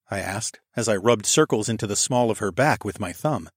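A man's voice: on the low side, brisk, slightly rough, no room sound, studio quality. A man narrating a first-person romantic fantasy story, intimate and wry, switching between narration and dialogue. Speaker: audiobook narrator.

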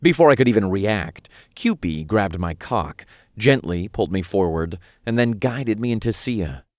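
Brief: male narrator, low voice, dry close-miked read. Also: expressive, normal speed, a little mellow, no echo. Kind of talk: scripted first-person narration.

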